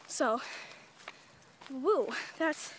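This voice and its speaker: A young woman with a high, bright-pitched voice tells a story into her phone outdoors. She talks in a breathless, giggly, chatty rush, with a faint hiss of noise behind her. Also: animated, drawn-out words. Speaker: vlogger. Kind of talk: excited casual storytelling. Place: outdoors by a cemetery. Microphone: phone camera.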